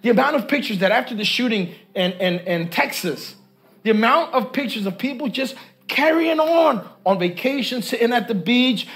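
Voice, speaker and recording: A man's voice: extremely high pitch, lively intonation, normal speed, fairly bright tone. A man preaching a sermon, reading scripture and calling on the congregation to answer his repeated questions. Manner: reads scripture and stops to comment. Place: church with congregation.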